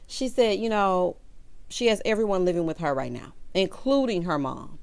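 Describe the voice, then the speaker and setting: A woman's voice: fairly low pitch, animated, moderate pace, creaky, a little mellow, clean tone, no echo. A woman, chatting sassily to her viewers as she recaps a reality show. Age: late 30s. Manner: sassy, chatty, talks straight to viewers. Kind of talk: casual recap commentary.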